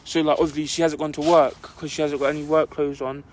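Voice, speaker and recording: In casual podcast chat, a young male co-host tells a long, rambling story, constantly dropping in "like." His voice sits on the high side, and his delivery is flat and fast.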